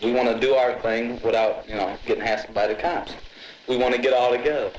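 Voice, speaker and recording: A man's voice: mid-range voice, fairly even intonation, a little fast, reverberant, slight background noise, low-quality recording. A young man speaking earnestly in a group discussion, plain-spoken about his neighborhood's troubles. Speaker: member of a street organization.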